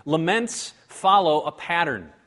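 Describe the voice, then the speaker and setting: Earnest high-voiced man preaching. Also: big pitch swings, slow pace, fairly bright tone. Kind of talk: teaching sermon.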